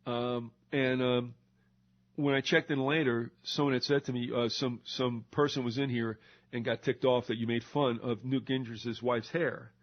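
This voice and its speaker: A man's voice: mid-range voice, steady tone, normal speed. An older American man hosting a show, ranting sarcastically and mocking politicians in put-on voices. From United States. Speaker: radio show host. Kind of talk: ranting monologue. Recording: slightly dull lo-fi recording.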